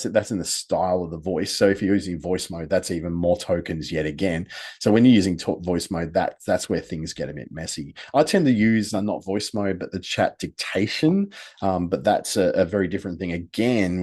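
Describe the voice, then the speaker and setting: A presenter with a low, slightly mellow male voice walks through a screen-share tutorial casually. He explains each step in turn and counts items aloud.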